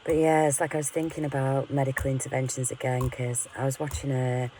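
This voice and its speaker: A woman's voice: extremely low pitch, level tone, a little fast, noisy background. A woman venting in a candid, rambling monologue to her camera, frank and full of swearing, often laughing at herself. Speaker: vlogger.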